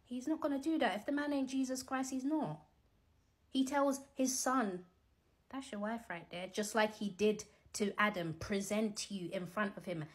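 A middle-aged woman gives animated, teasing, preachy commentary as a Christian vlogger, talking casually from home. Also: fairly high pitch, moderate pace.

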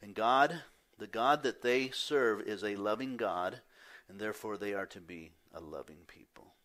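Low-voiced pastor swinging loud to hushed. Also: male voice, normal speed. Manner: swings from loud emphatic declarations to hushed, near-whispered lines; confessional, self-deprecating asides. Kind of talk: sermon.

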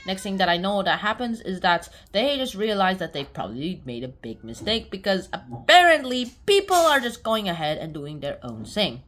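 A woman's voice: mid-range voice, sing-song, moderate pace, few pauses, a bit bright. A woman casually summarizing a short story, rambling with lots of fillers. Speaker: book reviewer.

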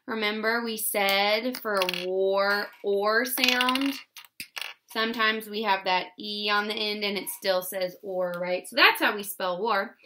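A woman teaching a phonics lesson to first graders, sounding words out slowly. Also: a little high, pushed and bright, a little hiss or hum. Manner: slow, exaggerated sounding-out of words. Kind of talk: phonics lesson for young children.

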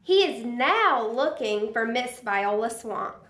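A woman teacher reading a storybook aloud to children in a slow, gentle way. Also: on the high side, lively intonation. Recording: roomy echo.

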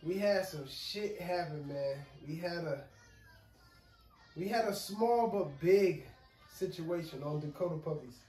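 A man's voice: unhurried, dark tone, faint music behind. A man running his dog-breeding vlog, talking loosely to viewers and filling his talk with "y'all" and "man", overwhelmed and frustrated. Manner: loose, repeats "y'all" and "man", trails off low when upset. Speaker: dog breeder and channel host.

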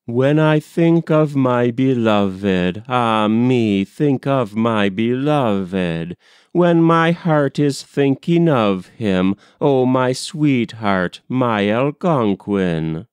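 A man's voice: mid-range voice, lively intonation, very slow, a little mellow, clear, resonant tone, dry recording. A man reading a young woman's tender, sorrowful lament for her lost lover, in a poem with a repeating refrain.

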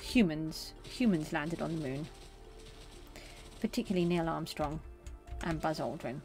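A middle-aged woman streaming a game, chatting casually with viewers and answering them in a gentle, consoling way. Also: sits low, measured pace, soft background music. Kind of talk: casual live-stream chat.

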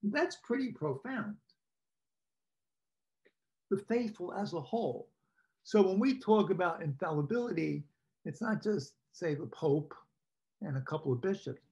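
A man, a priest, leading a parish workshop with slides, talking informally with asides and questions to his listeners and clearing his throat now and then. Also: high voice, expressive, a little slow, long pauses, a little mellow. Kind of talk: conversational teaching talk with slides. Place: parish meeting presenting slides.

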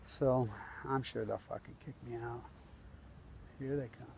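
A man's voice: medium pitch, fairly even intonation, a little slow, creaky, darkish tone, a little hiss or hum. A man filming himself outdoors on a phone, angrily ranting with heavy profanity and a lot of repetition. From United States. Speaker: protester. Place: outdoors by a building entrance.

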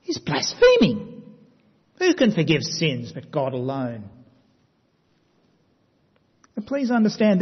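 A man's voice: sits high, husky. Man, sermon, dramatic storytelling, dull muffled sound. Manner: dramatic storytelling, drops to quiet emphasis. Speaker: preacher. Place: church hall. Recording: dull sound with long hall reverb.

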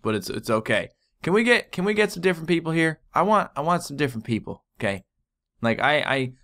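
Playing a surgery game, this man curses and shouts at his patients throughout his let's play. He's a gaming video host whose commentary is excitable, and his voice sits at medium pitch.

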